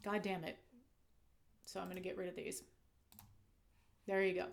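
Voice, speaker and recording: A woman's voice: lowish voice, little pitch movement, normal speed, creaky. Candid woman vlogging at a desk mic. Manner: candid, emphatic, swears when heated. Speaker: channel host. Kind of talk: casual commentary vlog. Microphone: desk microphone.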